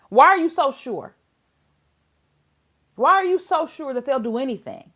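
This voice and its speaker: A woman's voice: high voice, very animated, a little slow, fairly bright tone. A woman hosting a casual legal commentary channel, exasperated and full of rhetorical questions.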